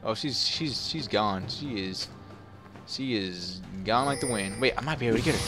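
A man giving live commentary while playing a video game, excitable and playful, trash-talking his opponents. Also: fairly low pitch, normal speed. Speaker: gamer. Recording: game music loud under the voice. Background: game music.

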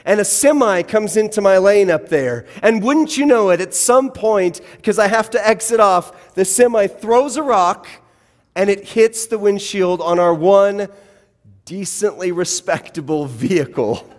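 High-voiced pastor in a reverberant church hall. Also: male voice. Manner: wry, self-deprecating conversational humor. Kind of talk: sermon with personal storytelling. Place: church sanctuary.

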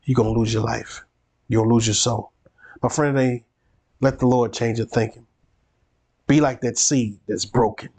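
A man's voice: medium pitch, fairly even intonation, moderate pace, pauses often, a little mellow, slightly rough. A male pastor teaching a Bible study, preacherly and repeating phrases for emphasis.

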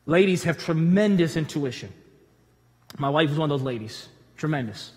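A pastor delivers a conversational sermon, telling stories with lively humorous asides. His voice sits high for a man. The sound carries a long reverb from the church hall around him. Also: normal speed. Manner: animated storytelling with humorous asides. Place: church auditorium.

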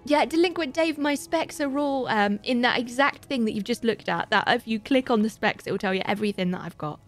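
A woman livestreams a video game and rambles to her chat in casual, playful, self-mocking commentary. Her voice is a little high and brisk, with faint music in the background.

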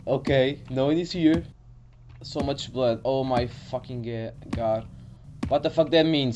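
A man's voice: medium pitch, measured pace, noisy background. Jumpy young man playing a horror game. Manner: jumpy and nervous, swears when startled, talks to himself. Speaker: gaming channel host. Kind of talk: horror game let's play commentary.

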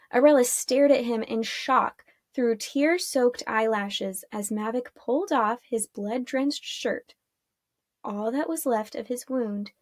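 A teacher reading a children's chapter book aloud in a calm, clear storytelling manner. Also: female voice, a little high, no echo, clean studio sound.

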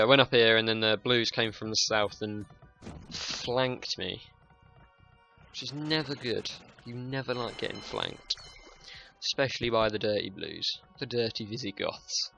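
A man's voice: medium pitch, a little slow, vocal fry, pushed and bright, soft background music. A young man giving casual, sweary gameplay commentary, joking and muttering to himself. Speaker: gaming YouTuber.

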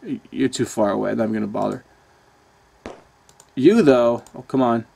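A man's voice: medium pitch, normal speed, vocal fry, pauses often, a little mellow, soft background music. A young man doing casual commentary over a video game, swearing often and ranting in exasperation. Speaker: let's play gamer.

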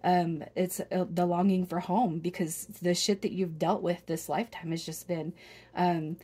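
Husky, emotional tarot-reading woman. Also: on the low side, steady tone, normal speed, dark tone. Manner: earnest, emotional, rambling with many restarts. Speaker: tarot reader. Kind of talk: spoken tarot reading to viewers.

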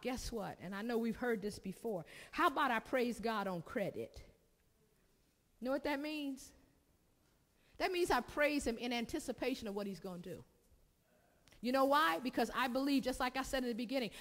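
A woman's voice: high-pitched, fairly bright tone. A woman pastor preaching a sermon, repeating phrases and calling for responses from the congregation. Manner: preaching with call-and-response and repetition. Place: church sanctuary. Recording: long reverb of a church hall.

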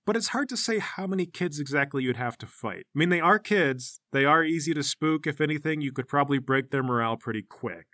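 Dry, bright-voiced male game master. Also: fairly high pitch, animated, a little fast, few pauses, dry recording. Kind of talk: narrating a tabletop game.

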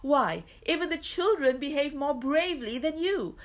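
A woman's voice: on the high side, sing-song, unhurried, voice pushed up, exaggerated voice. A woman voicing a stern female traveller who scolds her frightened companions. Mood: urgent. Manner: scolding, urgent.

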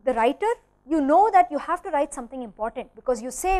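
A woman with an Indian English accent, a workshop lecturer answering remote questions in a measured, explanatory way. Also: sits high. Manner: explanatory, measured, animated emphasis. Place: studio.

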